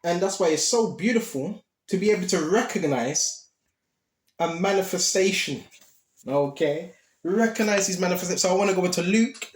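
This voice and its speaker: A man with a high voice gives an informal Bible teaching, speaking conversationally and reading scripture aloud. He keeps checking in with the listener between verses. The recording has a roomy echo. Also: normal speed. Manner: conversational, reads scripture aloud, often asks "right?" and "okay?". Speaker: preacher.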